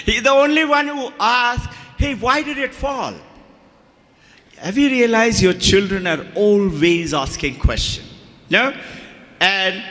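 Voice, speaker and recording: A man's voice: on the high side, sharp tone. An older man with an Indian English accent, a school head telling anecdotes to parents and acting out the voices in them. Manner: storytelling, acts out quoted voices. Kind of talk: anecdotal speech to an audience. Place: school hall. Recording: reverberant hall.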